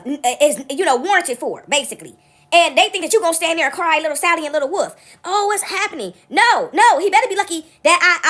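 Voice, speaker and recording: A woman vlogger telling a story in a casual monologue, emphatic and animated, often checking in with her listeners. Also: very high-pitched. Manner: animated, emphatic retelling with frequent "right?" asides.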